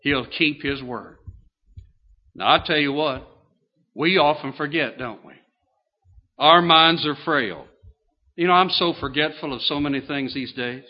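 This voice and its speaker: An older man preaches a sermon in a folksy manner, asking the congregation questions as he goes. His voice is a little high and unhurried, with long pauses, and the recording sounds dull and lo-fi.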